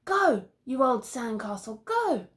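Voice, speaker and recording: A woman reading a picture book aloud and voicing Arthur, a loud, excitable young character who squeals when he is excited. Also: very high-pitched, normal speed, voice pushed up, heavily acted.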